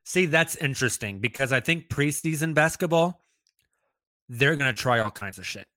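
Guy cohosting a sports podcast, chatty and lively, dry close sound. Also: medium pitch, no room sound. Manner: chatty, animated, quick asides. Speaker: podcast co-host. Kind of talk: casual sports chat.

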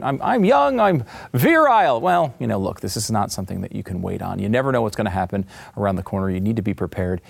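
A man hosting a talk show who plugs his guest's book and reads an ad in a brisk, salesy way. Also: lowish voice, vocal fry, a little mellow. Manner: brisk, salesy when reading ads. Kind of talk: host talk and read ad.

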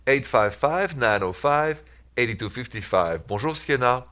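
A French-accented man hosts a call-in radio show giving relationship advice, sounding earnest and reassuring. His mid-range voice is animated and a bit bright, and he takes his time, coaching listeners in short phrases.

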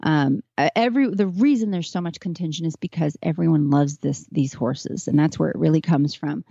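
A woman's voice: low voice, fairly quick, creaky, dark tone, husky, no echo, highs cut off. A woman talking casually as a podcast guest, earnest and chatty about horses she trains. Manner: earnest, chatty, tearing up at moments.

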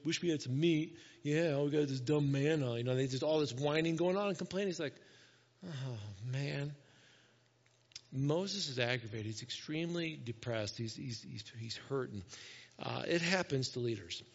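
A man's voice: a little high, in a large hall, highs cut off. A male pastor preaching a conversational sermon, acting out the voices of the people he quotes.

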